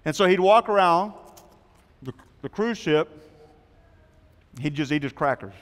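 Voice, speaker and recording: A man's voice: a little high, expressive, unhurried, fairly bright tone. A man preaching a sermon as pastor, telling a story with quoted voices before an earnest appeal. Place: church sanctuary. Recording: long hall reverb.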